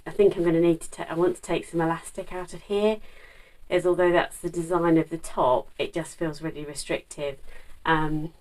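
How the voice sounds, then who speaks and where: A woman's voice: deep voice, darkish tone, recorded from a distance, low-quality recording. A middle-aged woman, chatting casually to camera about her sewing, rambling with plenty of fillers and restarts. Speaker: sewing vlogger.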